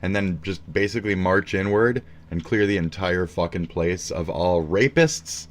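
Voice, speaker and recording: A man's voice: deep voice, moderate pace. A man streaming live, ranting in a rambling, heated and profane way.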